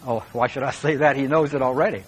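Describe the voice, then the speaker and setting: A man's voice: medium pitch, fast, breathy edge, rough recording. A man preaching a sermon as pastor, speaking earnestly and with emphasis, and turning now and then to talk straight to his listeners.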